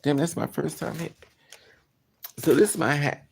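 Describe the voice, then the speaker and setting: A man's voice: fairly high pitch, normal speed, creaky, husky. A man chatting candidly with his livestream viewers, telling a personal story and answering comments. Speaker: vlogger.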